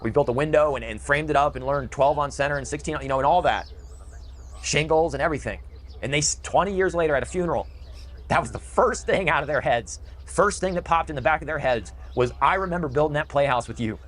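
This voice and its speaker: A man's voice: a little high, fast. A middle-aged man delivering an emotional, bitter ranting monologue in a video. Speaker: video commentator.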